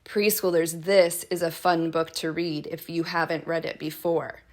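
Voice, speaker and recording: A middle-aged woman teaching preschoolers from home, speaking slowly in an encouraging, sing-song manner. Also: low-pitched, little pitch movement. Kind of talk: video lesson for young children.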